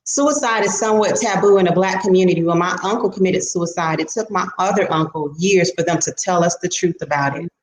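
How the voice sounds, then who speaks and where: A woman hosting a live-stream interview, calmly asking questions and reading out viewer comments. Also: lowish voice, fairly quick, few pauses. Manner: calm, reads out viewer comments. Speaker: host. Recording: echoey room.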